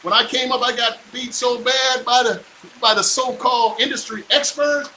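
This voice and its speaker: A man working as a real estate coach, delivering a hyped, boastful motivational pitch full of slang. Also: steady tone, moderate pace, sharp tone, slight background noise, rough recording.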